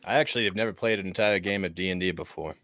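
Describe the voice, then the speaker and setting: A man's voice: sits low, very fast, fairly bright tone. A man co-hosting a casual stream chat, joking and playful. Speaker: co-host.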